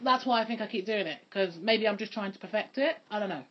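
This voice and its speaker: A woman chats casually as a podcast co-host, slangy and quick to laugh. Her voice sits in a middle pitch. The recording sounds a little dull and lo-fi. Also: heavy background noise. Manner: chatty, laughs often, slangy. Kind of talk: casual chat.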